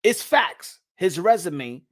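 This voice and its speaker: A man's voice: sits high, slow. A man talking boxing casually, repeating himself and teasing his viewers. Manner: animated, repetitive, hypes and teases viewers. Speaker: boxing commentator.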